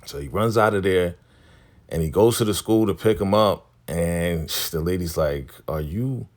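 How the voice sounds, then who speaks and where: This man recaps a TV episode casually at a normal speed, his voice low. As a vlogger, he loosely retells the scenes and puts the characters' lines in his own words.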